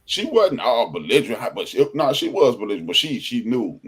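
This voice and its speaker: A man hosting a podcast in casual chat, telling stories in an animated way and acting out the people he quotes. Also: medium pitch, brisk, husky. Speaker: podcast host.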